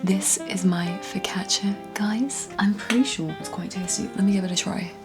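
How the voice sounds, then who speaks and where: A woman vlogging in her home kitchen, chatting in a rambling way with quiet asides. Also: mid-range voice, moderate pace, music in the background. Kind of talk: casual chat.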